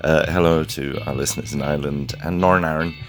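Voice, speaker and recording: A man hosts a casual podcast from his home. His voice sits extremely low, and he talks in a loose, rambling way, trailing off into ums and laughing at himself. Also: quick pace, soft background music. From South Africa. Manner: relaxed, rambling, self-deprecating with frequent ums. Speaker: podcast host. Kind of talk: casual solo chat.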